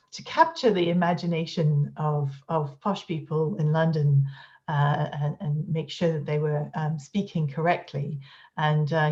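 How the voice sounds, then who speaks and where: A woman's voice: deep voice, a little mellow, lo-fi sound. A woman giving an academic conference talk, hesitant and full of fillers, over a video call. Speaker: conference speaker. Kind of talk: academic lecture.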